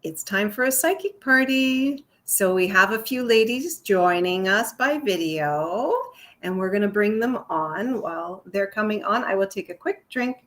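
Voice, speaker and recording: A woman's voice: mid-range voice, lively intonation, unhurried, a bit bright. A woman hosting a casual live-stream chat, bubbly and effusive, laughing often. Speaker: host.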